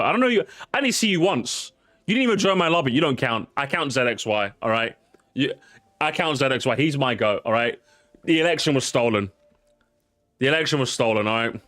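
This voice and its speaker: A man's voice: fairly high pitch, a bit bright, dry recording. A man giving casual, jokey gameplay commentary, swearing and pleading with the game as he races. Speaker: gaming YouTuber.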